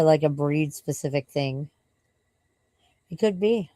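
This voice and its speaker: A woman with a low, deep-set voice chats on a late-night live stream, tired and rambling. She swears a lot and keeps turning aside to scold or coo at her dog. The sound is close and dry, with no room around it. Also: a little slow, long pauses, warm tone, no room sound, rough recording.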